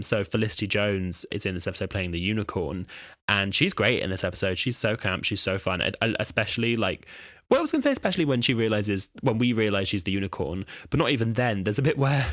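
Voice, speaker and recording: Young guy podcasting, chatty and animated, bright voice, dry close mic. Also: low-pitched, dry recording. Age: 20s. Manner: chatty, animated, hedges with "like" a lot. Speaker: podcast co-host. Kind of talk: casual chat.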